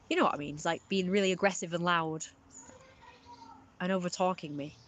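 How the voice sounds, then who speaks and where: A woman's voice: lowish voice, steady tone, moderate pace, a bit bright, slight background noise. Rambling woman live-streaming. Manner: rambling, repeats herself, many fillers. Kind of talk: casual live-stream commentary.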